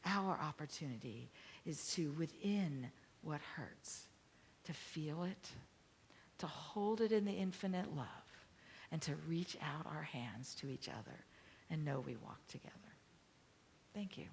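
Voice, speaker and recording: A woman minister delivers a sermon in a fairly low voice. She speaks softly and reflectively, at times almost whispering. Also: expressive, measured pace, vocal fry, a little hiss or hum.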